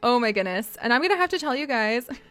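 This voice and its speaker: A young woman with a high, bright-pitched voice chats excitedly through a live gameplay stream. She gushes thanks at her viewers in a bubbly, excitable way. Faint game music plays quietly behind her. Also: racing, no echo.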